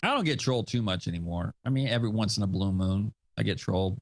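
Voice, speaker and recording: Lively low-voiced male podcast host. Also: fast, dry recording. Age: adult with young kids. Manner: rambling, self-deprecating, many fillers and restarts. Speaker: show host. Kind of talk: casual podcast chat.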